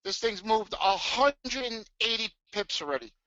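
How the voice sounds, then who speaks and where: A middle-aged man hosting a live trading webinar from his home, talking in an excitable, hyped way full of restarts. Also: high voice, a little slow, no echo. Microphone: webcam mic. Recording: dull lo-fi webcam audio.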